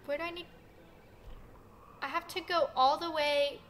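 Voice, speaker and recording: A woman's voice: high voice, fairly even intonation, a little slow, fairly bright tone, a little hiss or hum. A young woman giving dramatic gameplay commentary, groaning and shrieking at the game. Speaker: gaming streamer.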